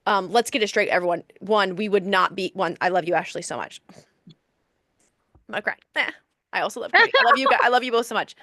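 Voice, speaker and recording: A woman co-hosts a podcast in casual chat, her voice at a middle pitch. She gushes and rambles, with lots of fillers. The sound is dry and close. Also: expressive, very fast, bright, forceful tone, no echo. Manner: gushing, effusive, lots of "like". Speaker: podcast co-host.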